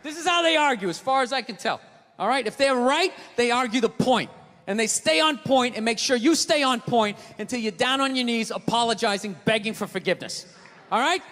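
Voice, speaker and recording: A man doing a stand-up comedy routine, ranting and swearing in loud bursts before a live audience. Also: very high-pitched, animated, a little fast. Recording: live hall reverb with audience.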